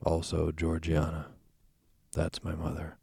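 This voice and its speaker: A frightened little boy pleads in a timid, hushed way, as a man gives him voice in a storybook reading. The tone stays very low and husky, with no real shift upward. It sounds close and dry. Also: monotone, a little slow, no room sound, exaggerated voice.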